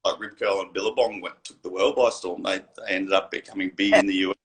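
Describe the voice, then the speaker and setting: Low-voiced man reminiscing. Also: steady tone, quick pace. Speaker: guest. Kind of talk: casual live-stream chat.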